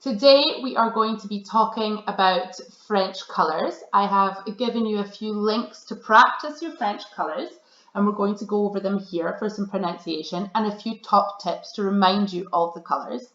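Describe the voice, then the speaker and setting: A woman's voice: mid-range voice, fairly bright tone, echoey room, lo-fi sound. A woman teacher, cheerfully talking through a recorded slideshow lesson for children and stressing the key words. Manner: cheerful, encouraging, speaks slowly with emphasis on key words.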